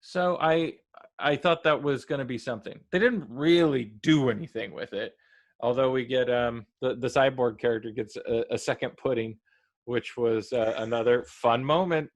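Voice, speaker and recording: A man chatting casually about a show he's reviewing, at an average pitch. He talks in loose, halting runs full of fillers and breaks into animated quoted voices. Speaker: podcast co-host reviewing a TV episode.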